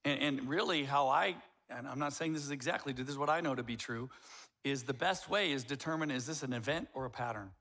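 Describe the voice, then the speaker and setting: A middle-aged man preaching a sermon as pastor, animated and acting out quoted voices. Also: medium pitch, brisk.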